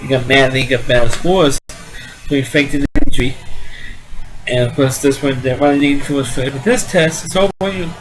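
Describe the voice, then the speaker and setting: A man talks through a comedy film he loves, retelling its scenes in a loose, rambling way. He stumbles and restarts often and leans on fillers as he goes. His pitch sits in a middle range. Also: moderate pace, over music, low-quality recording. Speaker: amateur movie reviewer. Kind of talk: casual movie recap.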